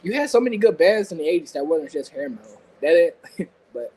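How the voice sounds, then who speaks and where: A man's voice: on the high side, lively intonation, a little fast, darkish tone, husky, rough recording. A man co-hosting a casual wrestling podcast, rambling with many fillers and frequent laughs. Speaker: podcast co-host. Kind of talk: casual chat.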